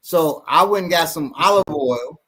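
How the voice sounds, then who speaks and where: A man's voice: on the high side, animated, moderate pace, pushed and bright, slightly rough. A man co-hosting a casual podcast, rambling with repeated words, occasional swearing and easy laughs. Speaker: show co-host and self-defense trainer.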